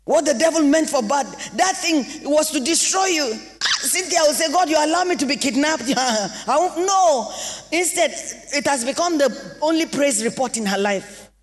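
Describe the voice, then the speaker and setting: High-voiced Nigerian woman preaching in a reverberant hall. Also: lively intonation, a little slow. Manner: impassioned preaching with sing-song rises and shouted exclamations. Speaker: pastor. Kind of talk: sermon. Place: church hall. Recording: long reverb of a large hall.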